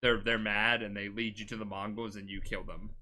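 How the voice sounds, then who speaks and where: With a lowish, level voice and a brisk pace, a tipsy man hosting a podcast wanders through a funny retelling of a video game story. He swears frequently and restarts mid-word, and there's background noise.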